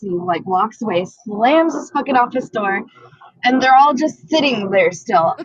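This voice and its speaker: A woman's voice: fairly high pitch, sing-song, measured pace, breathy edge, dry recording, dull audio. A woman co-hosting a podcast, telling a story in casual chat and swearing a lot as she acts out the people in it. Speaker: podcast co-host.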